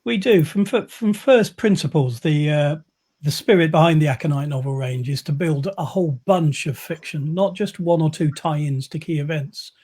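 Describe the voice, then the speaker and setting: A man talking casually on a video call, wry and rambling, with plenty of ums and uhs. His voice sits a little high for a man, with a dark, husky tone. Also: normal speed. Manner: wry, rambling with many fillers. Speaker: publisher. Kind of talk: casual chat.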